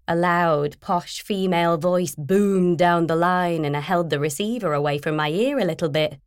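A woman narrating a first-person novel in a measured, even storytelling manner. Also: lowish voice, smooth, no room sound, clean studio sound. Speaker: audiobook narrator.

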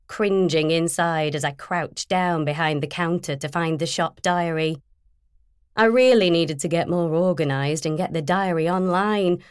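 Low-voiced woman narrating an audiobook. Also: clear, resonant tone, dry recording, studio quality. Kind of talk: scripted first-person narration.

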